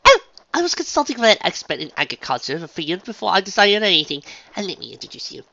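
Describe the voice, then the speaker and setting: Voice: medium pitch, huge pitch swings, fast talker, vocal fry, bright, forceful tone, no echo, pitched above the performer's own voice, exaggerated voice. A reader voicing a refined, dramatic unicorn dressmaker mare who talks in a posh, gushing, theatrical way, on a dull lo-fi recording. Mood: gracious.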